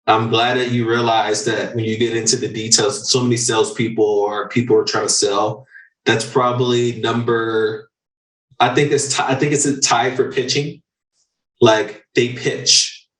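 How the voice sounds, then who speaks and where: A man hosting a podcast in a casual, profane coaching chat, getting excited as he talks. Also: mid-range voice, normal speed. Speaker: podcast host. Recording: roomy echo, distant from mic.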